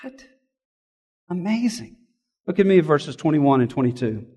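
A man's voice: fairly high pitch, sing-song, moderate pace, dark tone, breathy edge, big-room sound. A man, a pastor, preaching a sermon in an earnest, emphatic way, often asking rhetorical questions.

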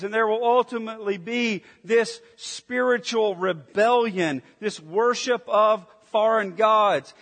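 High-voiced preacher in a reverberant hall. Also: male voice. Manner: emphatic, swings between intense near-whispers and forceful declarations. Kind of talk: sermon.

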